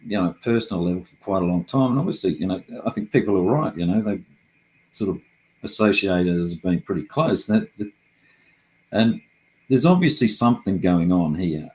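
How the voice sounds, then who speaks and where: A man's voice: deep voice, animated, normal speed, darkish tone, poor audio. A middle-aged man talking casually and heatedly, frustrated and swearing often as he rambles through his complaints.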